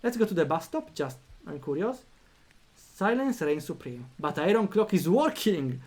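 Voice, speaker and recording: Male streamer, fairly high voice, reads the game aloud, chatty reactions. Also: moderate pace. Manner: animated, reacts out loud, thinks aloud with fillers. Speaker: streamer playing a story game. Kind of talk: reading a text game aloud with commentary.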